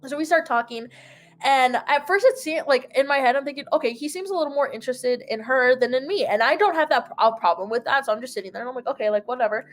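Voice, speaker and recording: A woman's voice: sits high, quick pace. A young woman casually telling a long story, full of "like" fillers and acted-out quotes. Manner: rambling, filler-heavy "like", animated retelling. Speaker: host.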